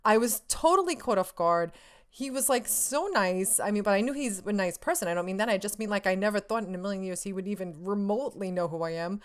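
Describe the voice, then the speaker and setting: Young woman vlogging, gushing nonstop, lots of "like", smooth clear voice, laughs a lot. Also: medium pitch, fast talker. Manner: gushing, breathless, full of "like" and restarts; laughs often while talking. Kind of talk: excited storytelling vlog.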